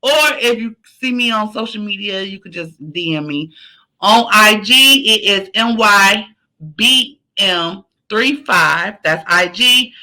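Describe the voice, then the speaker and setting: A woman's voice: medium pitch, slow pace, sharp tone, low-quality recording. A woman hosting a podcast, giving a repetitive, emphatic pep talk in a casual, slangy, sometimes profane way. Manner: emphatic, repetitive, preachy encouragement. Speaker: podcast host. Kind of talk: motivational podcast sign-off.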